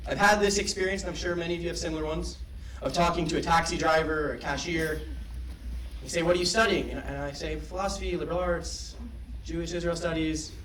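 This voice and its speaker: A man's voice: on the high side, fairly even intonation, a little fast, a bit bright, a little hiss or hum. A young man giving a graduation speech as valedictorian, wry and playful, then reflective. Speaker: valedictorian speaker. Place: large ceremony hall. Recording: roomy hall sound from a distant mic.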